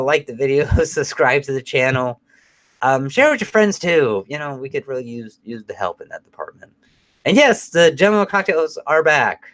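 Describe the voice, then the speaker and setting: A middle-aged man co-hosting a show, chatting casually and telling stories in a rambling, profane way. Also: medium pitch. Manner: profane, rambling, animated storytelling. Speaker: podcast co-host.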